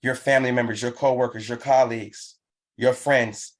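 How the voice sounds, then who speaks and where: A man's voice: mid-range voice, steady tone, moderate pace. A man leading a live online business training, urging listeners on with emphatic, repetitive coaching. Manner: pumped-up, urging.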